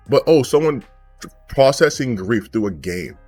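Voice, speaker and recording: A man's voice: on the high side, lively intonation, fairly quick, dry recording, faint music behind. A man giving a heated, profane commentary rant, angry and sarcastic. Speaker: gaming commentary YouTuber.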